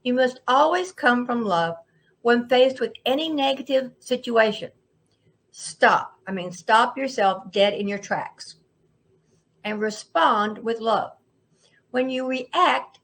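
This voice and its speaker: A woman's voice: fairly high pitch, expressive, takes it slowly, a bit bright. A woman speaking earnestly and emphatically to camera from a seated indoor setup, repeating her key phrases. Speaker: spiritual speaker. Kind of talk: inspirational talk to camera. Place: indoors, seated in a lit room. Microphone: microphone at a camera setup.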